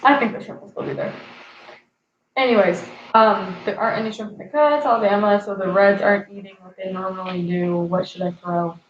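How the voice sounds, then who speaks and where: A chatty young woman in her twenties hosts a casual live stream from home, answering viewers and chuckling at her own puns. Her voice sits at an ordinary middle pitch. The audio is roomy with an echo, a little dull, and carries a faint hiss. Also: a little fast. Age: 20s. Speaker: fishing channel host.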